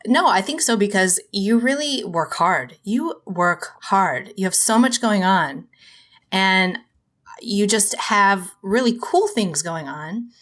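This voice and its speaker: A woman's voice: mid-range voice, lively intonation, slow, fairly bright tone. A woman from Minnesota hosting a podcast, asking her guest questions in a friendly, chatty way and laughing often. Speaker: podcast host. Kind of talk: casual interview chat.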